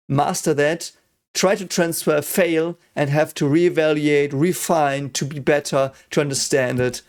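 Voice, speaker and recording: A man hosting an anime reaction, talking excitedly with swearing and many restarts. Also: fairly high pitch, creaky. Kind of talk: casual reaction commentary.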